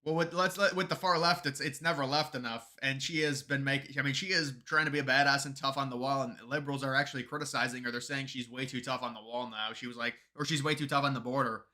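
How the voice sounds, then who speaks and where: A man live streams political commentary while answering viewer chat, argumentative and getting heated and emphatic, often restarting and repeating words. His medium-pitched voice has fairly even intonation and a sharp tone, and he talks fast with hardly any pauses.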